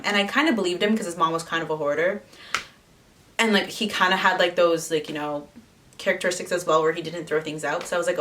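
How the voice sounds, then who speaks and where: A woman's voice: on the low side, fairly even intonation, quick pace, a bit bright, recorded from a distance. A young woman telling a personal story in casual vlog chat, full of "like" fillers. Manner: chatty, lots of "like" fillers. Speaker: vlogger.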